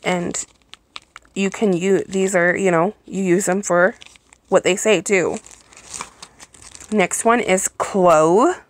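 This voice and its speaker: A woman talks at an unhurried, drawn-out pace into a handheld phone at home. She gushes over what she unpacks and breaks off for small apologies, in an easy, chatty way. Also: on the low side, steady tone. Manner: gushing, slow and chatty, apologetic asides. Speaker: vlogger reviewing products. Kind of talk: casual unboxing chat. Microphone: phone held in hand, then set down.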